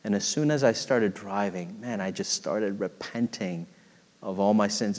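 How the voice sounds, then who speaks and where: A middle-aged male pastor delivers a heartfelt sermon, telling personal stories in an earnest voice. He swells louder when stirred and drops to a hush when he reflects. His voice rings out with a long reverb, as if filling a large sanctuary. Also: on the low side. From United States.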